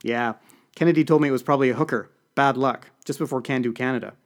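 A man's voice: mid-range voice, quick pace, natural voice. A man doing a curt government aide. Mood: offhand. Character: man from a prime minister's office, brusque aide.

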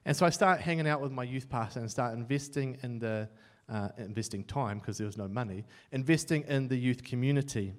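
A young man with a New Zealand accent preaching a sermon, telling his own story with self-mocking humour and swinging between loud and hushed as he voices his thoughts. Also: mid-range voice, brisk.

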